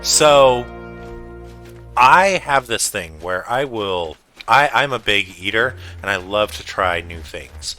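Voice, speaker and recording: A man with a fairly low voice that still sounds bright and forceful tells casual stories while he plays a game. He talks slowly and rambles, full of ums and uhs, and he pokes fun at himself. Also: lively intonation, faint music behind. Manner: rambling, self-deprecating, many ums. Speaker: gaming channel host. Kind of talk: casual storytelling over gameplay.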